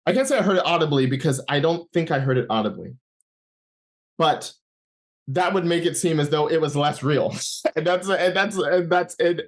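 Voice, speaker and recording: A man as an interview guest, giving a personal faith testimony in a rambling storytelling way, with frequent restarts and acted-out thoughts. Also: fairly high pitch.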